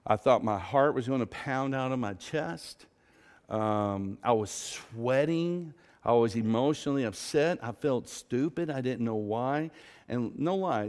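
A man's voice: mid-range voice, long reverb tail. A man preaching, telling an emotional story of his own conversion and acting out the dialogue. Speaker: pastor. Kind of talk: sermon testimony.

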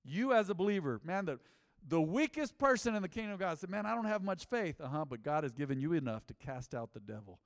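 A man's voice: a little high, quick pace. Guy preaching, tells stories and acts out the quotes, voice rings around a big room. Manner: animated storytelling with acted quotes. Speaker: pastor. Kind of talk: sermon with personal story. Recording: long hall reverb.

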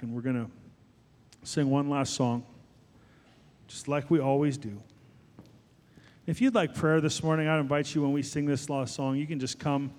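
A man in his forties preaching a sermon as pastor, animated and emphatic, rising to higher peaks. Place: church sanctuary. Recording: long hall reverb.

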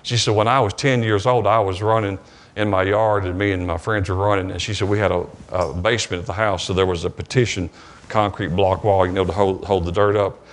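In the church sanctuary, a Southern-accented pastor delivers a sermon in a low voice with fairly even intonation. His story comes out in halting bursts, full of restarts, repeated words, and recounted dialogue.

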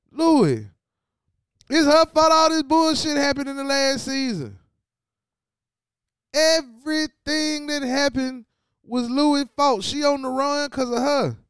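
A man talks over a TV finale at an unhurried pace, loose and full of slang as he speaks straight to his viewers. His voice sits high and sounds smooth and clear. The recording is dry and close, with no room sound. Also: no echo. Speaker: show host. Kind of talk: casual TV recap commentary.

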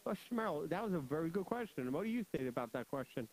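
A young man hosting a children's radio show, joking, laughing often and telling stories in an animated way. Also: a little high, fast, poor audio. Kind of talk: playful storytelling for kids.

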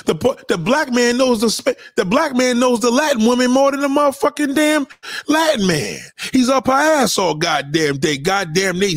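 Loud, high, animated ranting man. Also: moderate pace, dry recording, clean studio sound, soft background music. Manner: loud, profane, animated ranting with mocking put-on quotes. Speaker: livestream host. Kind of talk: ranting livestream commentary.

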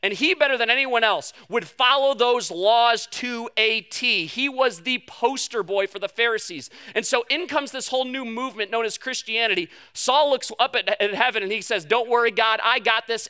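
A man delivers a conversational sermon at a church service. His voice sits very high and sounds bright. He talks in an animated way and slips in jokes and playful asides. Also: normal speed, hardly any pauses, smooth. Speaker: preacher. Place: church service before a congregation.

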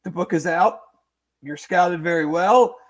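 An unhurried man with a high voice co-hosts a sports podcast, chatting casually. He hedges constantly and rambles, thinking out loud through many fillers and restarts.

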